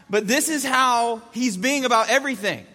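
A man in his thirties telling a comic story about his young son, animated and jumping between voices. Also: extremely high pitch, unhurried. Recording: echoey hall.

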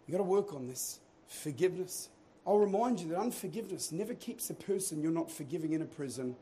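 A man preaching a sermon to his church, moving between quiet teaching and loud, rousing calls to the congregation. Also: a little high, expressive, quick pace. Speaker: pastor. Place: church auditorium.

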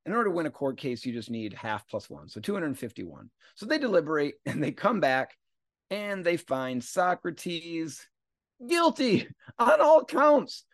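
A man's voice: fairly high pitch, moderate pace, no room sound. Guy explaining philosophy on his podcast, voice jumps all over, playful quote voices, dry close mic. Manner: animated, paraphrases quotes in a playful voice. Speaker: podcast host.

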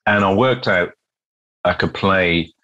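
A man from the UK, a street musician telling anecdotes as an interview guest with lively restarts. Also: sits low, slow, dull audio. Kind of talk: casual interview storytelling.

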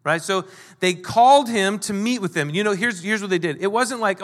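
A male pastor with a high, light voice delivers an animated sermon. He talks casually and slips into the voices of the people he quotes. His words ring out through a large hall with a long reverb. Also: moderate pace. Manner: animated, acts out quoted lines.

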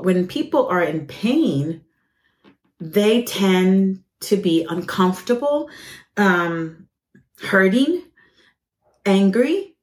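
Woman host, mid-pitched, lively testimony storyteller who acts out quotes, recorded in an echoey room. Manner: animated storyteller, acts out quoted voices, frequent fillers. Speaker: ministry podcast host.

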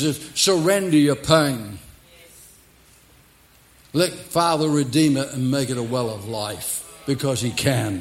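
A man preaching a sermon as pastor at a church service, swinging from loud declarations to soft, hushed lines. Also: medium pitch.

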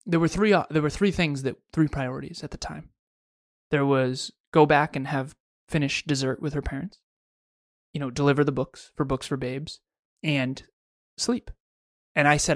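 A man's voice: fairly high pitch, steady tone, fairly quick, no room sound, clean studio sound. A man co-hosting a podcast, telling a long personal story in a casual chat with frequent restarts. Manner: storytelling, self-correcting restarts. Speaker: podcast co-host.

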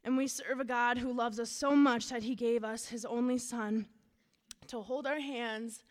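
A woman's voice: fairly high pitch, steady tone, unhurried. A woman youth pastor from Minnesota giving an earnest, casual sermon with personal storytelling.

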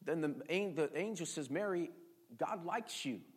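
A middle-aged man preaching with a high-pitched voice. He swings from raised, shouted lines down to a near-quiet storytelling tone and keeps calling out questions to the congregation. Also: animated, moderate pace, breathy edge. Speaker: pastor. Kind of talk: sermon.

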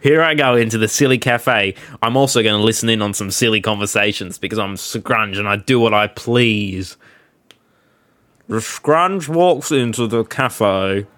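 A man's voice: fairly low pitch, fairly even intonation, a little fast, few pauses, pushed and bright, no echo. A man improvising comic narration with rambling, self-mocking asides. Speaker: comedy podcast co-host.

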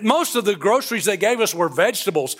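A man in his forties delivers a sermon as a pastor, his voice pitched noticeably high for a man. He tells his story in a relaxed, chatty way and then swells into emphatic, fervent preaching. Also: fast, breathy edge.

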